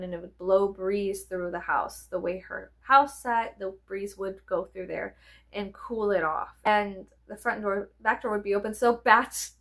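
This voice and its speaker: Gravelly woman, rambling and profane. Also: mid-range voice. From American South. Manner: animated, profane, chatty, laughs often. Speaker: vlogger. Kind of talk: rambling casual storytelling.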